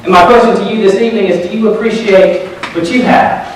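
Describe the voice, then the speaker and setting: A man preaching a sermon at a community service, telling jokes as an animated storyteller. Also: high-pitched, quick pace. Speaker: pastor. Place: large hall at a community service. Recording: echoey hall, distant mic.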